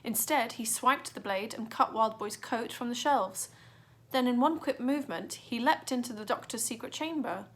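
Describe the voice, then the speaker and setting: A woman's voice: fairly high pitch, moderate pace. A woman reading a children's adventure book aloud with dramatic expression. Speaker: narrator. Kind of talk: storybook reading.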